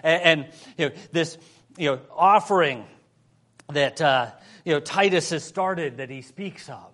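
A man preaching a sermon in a somewhat high voice. He tells personal stories with dry humorous asides. His delivery drops to a hush in prayer and rises when he stresses a point. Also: a little slow. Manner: storytelling with humorous asides, shifting from soft prayer to lively emphasis. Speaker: pastor.

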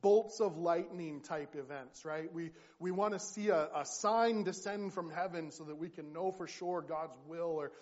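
Pastor guy preaching, earnest, stumbles and restarts a lot, slightly high voice, muffled lo-fi sound. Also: a little mellow. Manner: earnest, halting storyteller with many restarts. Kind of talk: sermon.

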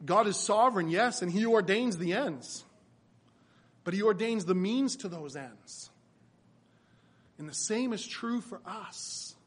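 A man's voice: high-pitched, lively intonation, a little slow, long pauses, husky. A man preaching a sermon, earnest and emphatic, often repeating his phrases for weight. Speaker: pastor.

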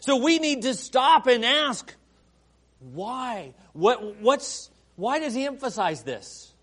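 A man preaching a sermon after an opening prayer, moving between soft, hushed lines and loud, emphatic ones. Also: very high-pitched, sing-song, slow pace. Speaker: pastor.

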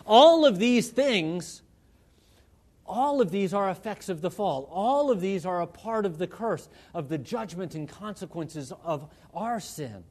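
High-voiced man preaching a conversational sermon. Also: lively intonation, a little slow, darkish tone. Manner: conversational preaching with frequent asides. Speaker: pastor.

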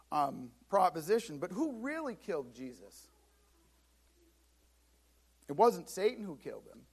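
High-voiced pastor guy preaching, gets dramatic acting out bible scenes, repeats himself a lot. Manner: repeats words and restarts. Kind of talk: sermon.

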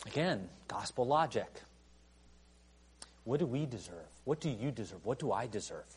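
A man preaching a sermon in a conversational way, full of "you know" fillers, who rises to emphatic outbursts and then drops quiet. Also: mid-range voice, expressive, moderate pace, husky. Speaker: pastor.

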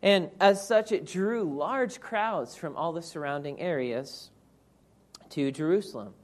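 A woman's voice: sits low, a little slow. A woman preacher giving an earnest, reflective sermon that explains scripture verse by verse.

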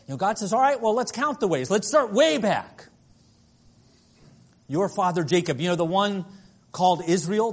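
A man preaching a sermon, earnest and dynamic, shifting between soft passages and emphatic ones. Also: fairly high pitch. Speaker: pastor.

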